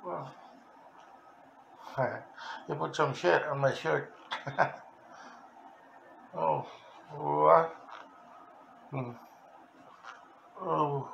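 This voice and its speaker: A man's voice: mid-range voice, very slow, vocal fry, pauses often, a bit bright, highs cut off, a little hiss or hum. A man at home filming his pet bird on a handheld phone, coaxing and cooing at it and laughing often. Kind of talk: casual home video chat.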